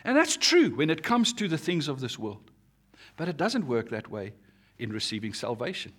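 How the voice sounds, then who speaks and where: A male pastor delivers an earnest sermon, his pitch sitting a little high and moving a lot as he pushes toward each point. His voice is husky, and his volume swells and falls as he leans into the message. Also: sing-song, moderate pace, a bit bright. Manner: earnest preaching, rises and drops in pitch and volume.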